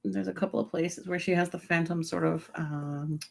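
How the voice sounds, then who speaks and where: A woman's voice: on the low side, steady tone, creaky, a little mellow. A middle-aged woman co-hosting a casual chat, giggling often and chiming in. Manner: giggly, quick to laugh. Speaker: co-host.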